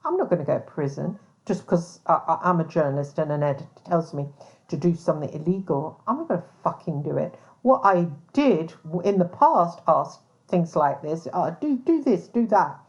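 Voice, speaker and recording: At a normal speed, a woman with a low-pitched voice and lively intonation hosts a podcast in a blunt, casual monologue. She's a private investigator who swears a lot and fills her speech with "um"s and restarts, and the audio is dull and lo-fi.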